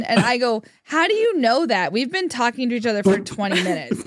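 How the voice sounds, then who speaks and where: High-voiced, giggly woman comedian. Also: very animated, fast talker, few pauses, a bit bright. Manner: giggly storyteller, acts out quotes. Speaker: guest comedian. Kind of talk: casual comedic chat.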